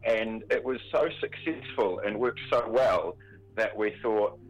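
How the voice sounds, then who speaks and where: A man talking as a theatre performer on a radio interview, chatty and animated with plenty of fillers. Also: on the low side, a little slow, poor audio. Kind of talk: interview guest.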